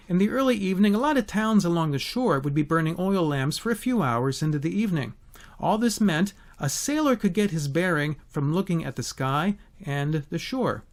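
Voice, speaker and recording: A man giving a Bible teaching, telling the story expressively and asking rhetorical questions. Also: on the high side.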